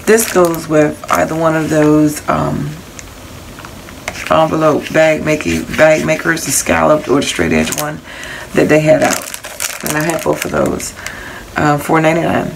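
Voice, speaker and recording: A woman's voice: low-pitched, a little slow, creaky, background noise. A woman casually showing off craft supplies she bought, rambling a little and reading out prices and item numbers. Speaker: crafting haul vlogger.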